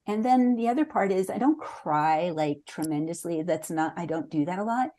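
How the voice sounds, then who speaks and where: A woman's voice: fairly low pitch, lively intonation, moderate pace, warm tone. A woman in her sixties, a memoir author answering interview questions in an earnest, reflective way, now and then restarting a sentence.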